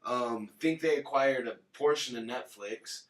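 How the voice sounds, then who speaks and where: Laughing man, bright voice, echoey room. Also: mid-range voice, a little slow. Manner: laughs often, swears casually. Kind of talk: casual chat. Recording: echoey room, distant mic.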